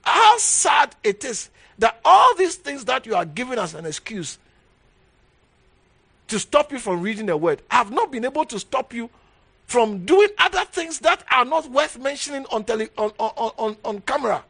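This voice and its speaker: Hombre predicador de voz aguda y expresiva. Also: male voice, big pitch swings, normal speed, creaky, sharp tone, slightly rough. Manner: emphatic, repeats key phrases, swings from low to raised. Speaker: bishop preaching. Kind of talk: sermon.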